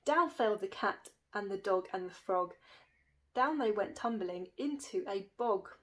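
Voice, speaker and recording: A woman's voice: medium pitch, animated, unhurried, poor audio. A woman reading a rhyming children's picture book aloud with a lilting rhythm. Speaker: storybook reader.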